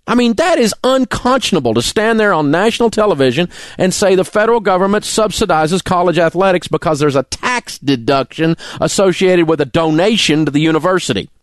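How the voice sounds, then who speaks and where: A middle-aged man hosting a talk radio show delivers an angry, indignant rant packed with name-calling. His voice sits high, and the recording is clean studio sound without echo.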